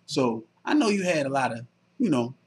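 A man with a New Jersey accent hosting a casual TV interview, joking and animated with his guest. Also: medium pitch, normal speed, breathy edge. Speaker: talk show host.

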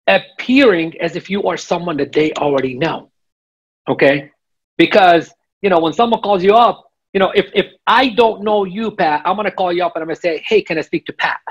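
Husky male coach on a dull line. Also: high voice. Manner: emphatic, checks in with repeated "okay?". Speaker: real estate coach, guest. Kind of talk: interview, coaching talk.

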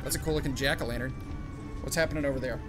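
A young man giving jokey, excited commentary as he plays a game, chatting to his companion and yelping at scares. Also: medium pitch, very fast, over music. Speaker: gaming YouTuber. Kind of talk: excited let's-play commentary.

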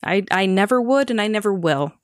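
A woman co-hosting a podcast, playful and teasing, quick to laugh in casual chat. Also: medium pitch, expressive, dry recording, studio quality. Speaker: podcast co-host.

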